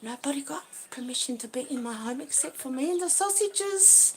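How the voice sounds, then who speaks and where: High-voiced woman ranting on a phone livestream. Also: animated, moderate pace, background noise. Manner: angry, swearing, swings between loud outbursts and low mutters. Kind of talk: agitated livestream rant. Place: outdoor backyard by a fence. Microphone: handheld phone.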